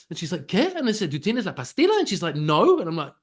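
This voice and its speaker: A man, telling a story in casual podcast chat, swinging between loud bursts and mumbled asides. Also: high voice, huge pitch swings, fast. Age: 40s. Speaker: podcast co-host.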